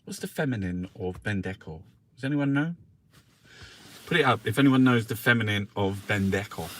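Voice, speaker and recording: This man hosts a casual live newspaper review, swearing often and tossing jokey asides to his viewers. His mid-range voice is expressive, a bit bright and fairly quick. Faint background noise runs under the recording.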